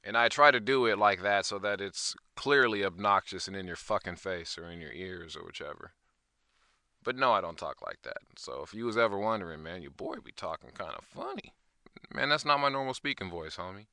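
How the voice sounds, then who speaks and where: A man's voice: on the low side, animated, brisk, sharp tone, dry recording, studio quality. Laid-back, slangy man hosting a podcast. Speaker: podcast host. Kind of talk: casual podcast monologue.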